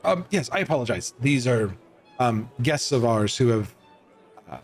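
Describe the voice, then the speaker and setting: A man narrating a tabletop role-playing game as game master, in a loose, halting way with many fillers and restarts. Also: medium pitch, lively intonation, faint music behind.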